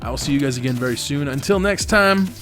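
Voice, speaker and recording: A man's voice: mid-range voice, animated, fast talker, fairly bright tone. A young man hosting a gaming channel, candidly retelling a family story over gameplay and swearing freely as he talks. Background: faint background music.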